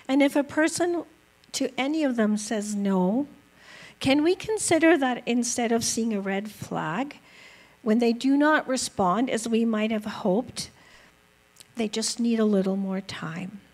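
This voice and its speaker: A woman giving an earnest, gentle talk on apologies, unhurried and reflective, sometimes reading aloud. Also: fairly high pitch, rough recording. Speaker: speaker teaching about apologies. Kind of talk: slow reflective talk with a read-aloud excerpt.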